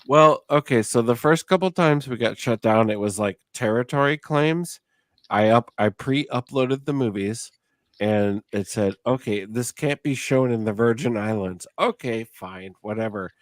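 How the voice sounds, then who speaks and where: Slightly slurred from drinking, this middle-aged man hosts a casual podcast chat, ranting and swearing heavily. He speaks at a measured pace in a mid-range voice, and the recording is dry.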